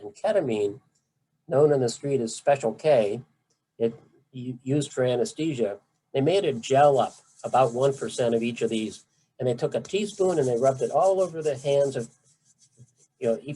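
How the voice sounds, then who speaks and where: A middle-aged physician gives a relaxed, conversational medical talk to patients about treating nerve pain. His mellow, warm voice sits at a middling pitch, and he speaks with emphasis and friendly asides. The audio is poor.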